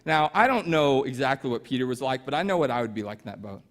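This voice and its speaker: A man's voice: mid-range voice, expressive, quick pace. A male pastor preaching a sermon in a conversational storytelling manner, with self-deprecating asides.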